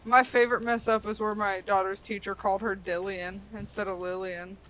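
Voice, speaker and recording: Woman, 30s, bright tone, casual storyteller. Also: medium pitch, flat delivery, brisk, a little hiss or hum, rough recording. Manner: storytelling with acted quotes, laughs often. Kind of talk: casual chat.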